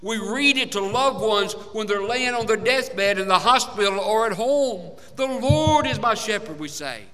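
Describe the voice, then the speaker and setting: High-voiced preacher in an echoing hall. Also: male voice, animated, unhurried, hardly any pauses, background noise. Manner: dramatic swings between loud emphasis and hushed low passages. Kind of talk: sermon. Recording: long hall reverb.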